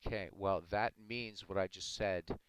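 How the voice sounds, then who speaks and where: Deep-voiced man arguing with chat. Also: fairly even intonation, a little slow, smooth, no room sound, low-quality recording. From Ireland. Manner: argumentative, talking back to chat. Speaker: live streamer reading chat. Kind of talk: casual livestream chat.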